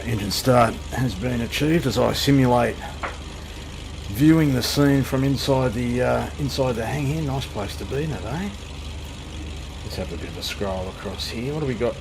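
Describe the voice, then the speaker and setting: There's slight background noise as an Australian man with a medium-pitched voice hosts his flight simulator channel. He jokes and chats casually through the gameplay, often at his own expense.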